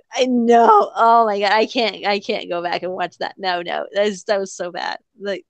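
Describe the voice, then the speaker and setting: A woman's voice: mid-range voice, steady tone, unhurried, vocal fry, dry recording. A woman hosting a casual podcast chat, ranting with lots of swearing and laughter. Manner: ranting, profane, laughs often. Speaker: podcast host.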